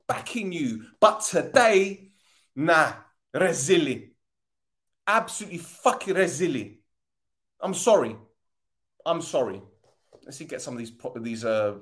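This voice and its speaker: Man, football podcast host, angry rant, heavy swearing, repetitive. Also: high voice. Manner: angry, sweary, repeats himself.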